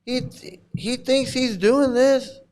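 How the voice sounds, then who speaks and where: A man's voice: very high-pitched, fairly even intonation, slow pace, a little mellow. A man hosting a casual reaction commentary, blunt and mocking, who swears freely and repeats his points. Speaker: channel host commenting on a livestream.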